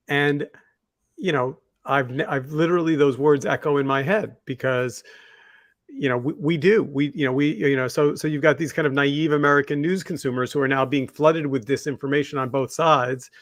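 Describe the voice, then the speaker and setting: A man's voice: mid-range voice, moderate pace, dry recording. A man co-hosting a podcast, telling reflective, rambling stories with many fillers. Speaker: podcast co-host. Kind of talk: casual discussion.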